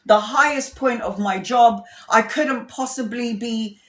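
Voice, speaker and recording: A woman's voice: on the high side, measured pace. A woman, a tarot reader telling a personal story in a casual, chatty way, laughing often and swearing freely. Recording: roomy echo.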